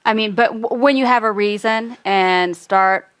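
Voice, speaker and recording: A woman's voice: mid-range voice, measured pace, smooth. A woman co-hosting a casual talk, reflecting on meeting people abroad. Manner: reflective, quoting people she met. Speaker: podcast co-host. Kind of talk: casual conversational chat.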